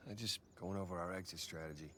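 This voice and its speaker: A man's voice: sits low, fairly even intonation, quick pace, a bit bright, a little hiss or hum. An actor playing a nervous older male thief. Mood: worried. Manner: nervous, dry. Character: worried older male thief, anxious brother.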